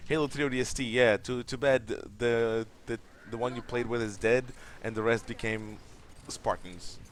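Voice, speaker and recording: A man's voice: mid-range voice, steady tone, normal speed. Young guy rambling on about games on a late night stream, cusses a lot, faint hiss behind. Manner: rambling, opinionated, swears freely. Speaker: co-host of a gaming stream. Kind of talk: casual gameplay chat.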